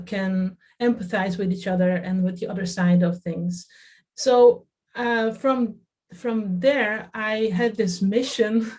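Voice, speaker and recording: A woman's voice: medium pitch, darkish tone. A woman from the Netherlands in her thirties, talking in an interview about her work in theater, with lots of fillers and restarts. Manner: hesitant, many fillers and restarts. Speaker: festival artistic director. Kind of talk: interview, reflective talk.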